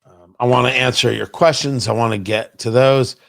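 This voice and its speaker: A man's voice: medium pitch, fairly even intonation, normal speed, vocal fry. A middle-aged man hosting a political commentary livestream, firing off sarcastic, heated rhetorical questions. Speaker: talk show host.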